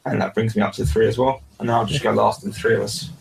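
Man, tabletop player, gravelly creaky voice, distant mic, joking tone. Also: on the low side, fairly even intonation, fast talker, slight background noise. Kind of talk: casual tabletop play.

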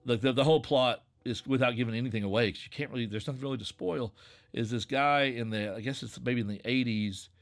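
A man in his forties from Southwest Virginia with an Appalachian accent and a slightly nasal voice, chatting casually in a relaxed, rambling way. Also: medium pitch, fast. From Southwest Virginia, USA. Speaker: podcast creator and narrator. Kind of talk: casual conversation.

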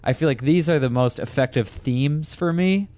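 A man's voice: on the high side, moderate pace, darkish tone, no room sound. A man chatting casually about a movie, telling a rambling, profane personal story full of fillers and restarts. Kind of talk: casual chat.

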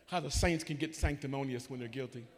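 A man, a bishop, preaching a sermon in church with animated, folksy storytelling that swings up into shouting. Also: mid-range voice, fast, big-room sound. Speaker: bishop and pastor. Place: church sanctuary.

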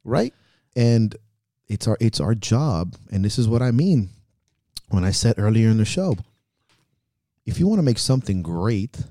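A man's voice: mid-range voice, mellow, no room sound, clean studio sound. A man co-hosting a podcast, talking bluntly and with lots of swearing as he rants about running meets. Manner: blunt, profane, ranting. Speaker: podcast co-host, meet promoter. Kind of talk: casual chat.

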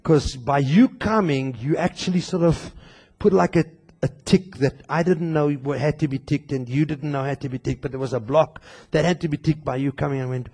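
A male pastor preaching an impassioned sermon to his congregation, at times raising his voice to a shout and talking straight to them. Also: medium pitch, brisk, gravelly, breathy edge. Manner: talks directly to the congregation. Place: church.

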